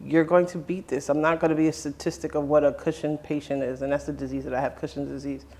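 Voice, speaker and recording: A man's voice: on the high side, flat delivery, fast, darkish tone. A man hosting a conversation, earnestly telling a personal story in his own words and often quoting what others said to him. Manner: earnest, with many restarts and quoted dialogue. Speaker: host.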